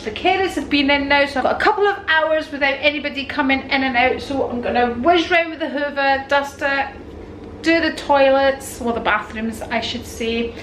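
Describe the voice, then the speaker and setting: A woman's voice: sits high, a bit bright, slight background noise, low-quality recording. A woman in her fifties chatting casually to camera at home, in a rambling, homely way. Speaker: lifestyle vlogger.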